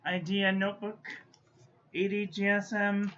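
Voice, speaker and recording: A woman's voice: mid-range voice, flat delivery, measured pace, a bit bright. A woman giving a casual stationery review, muttering to herself and playfully scolding as she goes. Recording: dull lo-fi audio with faint background noise.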